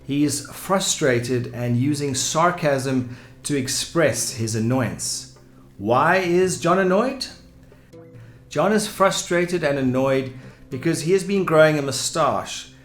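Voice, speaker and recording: A man teaching English vocabulary in a clear, explanatory way, giving example sentences. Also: on the high side, slow. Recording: echoey room with soft music.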